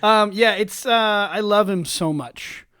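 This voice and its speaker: A man co-hosting a casual podcast, animated and giggly, often restarting his sentences. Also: high voice, slow, clear, resonant tone, no echo, clean studio sound. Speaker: podcast co-host. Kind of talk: casual chat.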